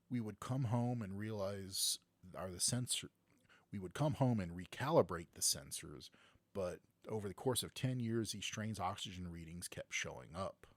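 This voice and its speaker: A man's voice: deep voice, dry recording. A man co-hosting a podcast, reading a science news story aloud with joking asides, a bit tipsy. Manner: reads steadily with asides and jokes, a bit tipsy. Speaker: podcast co-host. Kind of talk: casual chat, reading a news article aloud.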